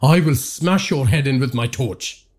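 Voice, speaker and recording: A man reading a horror story aloud, voicing a grieving middle-aged father who speaks urgently and forcefully. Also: mid-range voice, a little slow, close to an everyday voice. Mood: angry.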